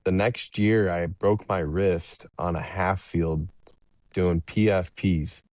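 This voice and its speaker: Young guy, real low voice, laid-back rambling guest stories, dry close sound. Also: steady tone, slow, darkish tone, no echo. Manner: laid-back, rambling, laughs between anecdotes. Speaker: professional baseball pitcher, podcast guest. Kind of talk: casual interview storytelling.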